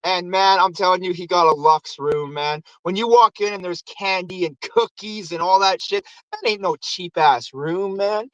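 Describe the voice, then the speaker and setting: A man hosting a casual movie recap show, animated and swearing, acting out quotes from the films. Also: sits high, moderate pace, dry recording, highs cut off. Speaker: host.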